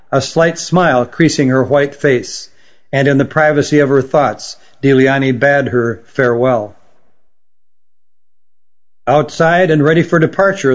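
A man reading a fantasy story aloud in measured, even scripted narration. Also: mid-range voice. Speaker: audiobook narrator. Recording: dull lo-fi recording.

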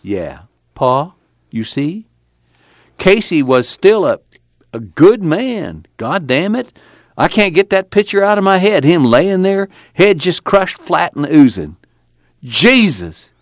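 A man's voice: on the low side, lively intonation, measured pace, no room sound, studio quality. A man voicing a battered, weary young farmhand in hiding, with a drawl and a tense, urgent delivery. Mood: grieving, bitter.

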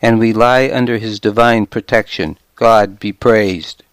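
Pompous priest, read by a man, zealous, preachy, triumphant, slow-spoken, smooth voice, dry sound. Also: lowish voice, fairly even intonation, no room sound, close to an everyday voice.

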